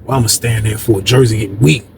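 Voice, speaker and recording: A man casually telling a story from jail life, animated and slangy, repeating words for emphasis. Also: lowish voice, brisk, gravelly, noisy background.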